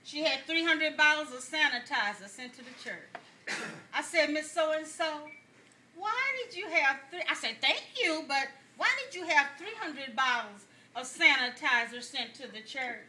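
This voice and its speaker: Amid slight background noise, a man performs a very high-pitched, sharp, heavily acted voice at moderate speed as a chatty older woman pastor. She preaches with amusement in a stand-up style sermon, spinning folksy jokes, saying "y'all" to the congregation, and laughing along.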